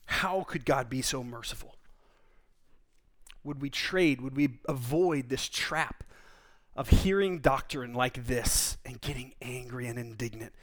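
A man preaching a sermon as pastor, telling stories in a conversational, animated way with quick asides. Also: mid-range voice.

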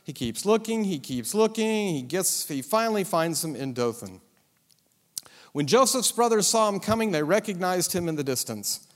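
A man's voice: sits high, very animated, normal speed. A man preaching a sermon, retelling a story with humorous, dramatic asides. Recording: long hall reverb.

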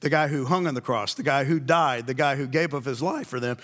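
A man's voice: medium pitch, brisk, fairly bright tone. A man preaching a sermon, telling the story in a conversational way and asking his listeners questions.

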